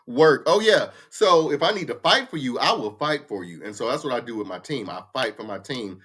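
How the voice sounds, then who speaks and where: A man's voice: mid-range voice, expressive, normal speed, pushed and bright, husky. A man, hosting a casual livestream chat, ranting bluntly with profanity. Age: 50s. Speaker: livestream host. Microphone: computer mic for a livestream.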